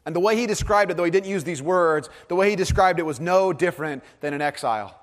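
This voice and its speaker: Earnest pastor preaching in a reverberant hall. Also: male voice, high voice, fast, few pauses. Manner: earnest, swings from hushed to animated storytelling. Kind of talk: sermon.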